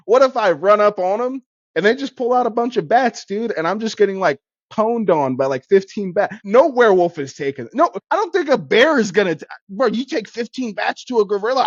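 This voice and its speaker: A man's voice: sits high, no echo. A man co-hosting a podcast, riffing and rambling in a joking, boastful way. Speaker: podcast co-host. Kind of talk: casual chat. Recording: dry, dull lo-fi sound.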